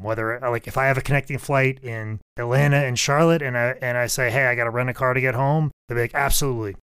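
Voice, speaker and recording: A male podcast co-host who talks bluntly and with passion, swearing now and then. His voice is smooth and clear. The sound is dry and close. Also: medium pitch, fairly bright tone, no room sound. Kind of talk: casual chat.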